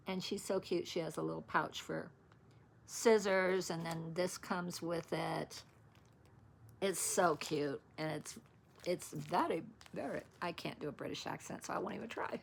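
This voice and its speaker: A woman's voice: fairly low pitch, gravelly, a little hiss or hum. A woman vlogger chatting casually about her stitching patterns, rambling and interrupting herself as she searches. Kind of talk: casual show-and-tell chat.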